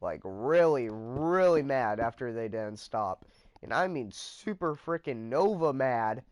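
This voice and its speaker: A man's voice: medium pitch, expressive, unhurried, no echo. A man casually telling a story about his friends in a rambling vlog, trailing off with fillers.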